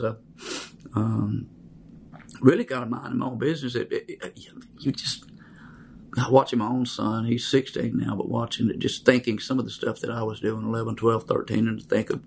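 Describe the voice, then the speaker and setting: A man, telling his life story in a halting, reflective way with many fillers. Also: mid-range voice, creaky, darkish tone, slightly rough. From Mississippi, USA.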